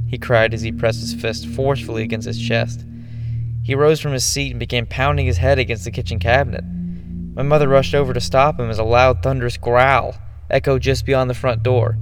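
A man reads a first-person horror story in a measured, ominous way. His voice sits at an ordinary male pitch, and clear music plays beneath the narration throughout. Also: flat delivery.

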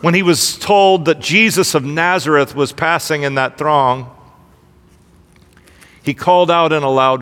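Bright-voiced preacher in a reverberant church. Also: male voice, on the high side, unhurried, pauses often. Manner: energetic preaching, asks the congregation questions. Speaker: pastor. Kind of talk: sermon.

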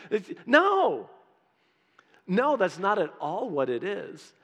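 A pastor preaching a sermon in an animated, conversational way, acting out quotes as he goes. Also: high voice, slow pace, long pauses. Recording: long hall reverb.

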